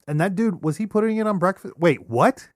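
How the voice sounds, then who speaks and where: A man's voice: sits high, a little fast, no echo, studio quality. A man co-hosting a podcast in casual chat, swearing often and telling stories with sudden incredulous outbursts. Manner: profane, animated storytelling with outbursts. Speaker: podcast co-host.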